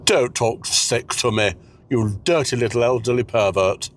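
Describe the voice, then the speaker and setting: A man's voice: medium pitch, unhurried, natural voice. A man voicing an elderly, foul-mouthed, bossy wife who nags and mocks in a crude, sarcastic way. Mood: nagging.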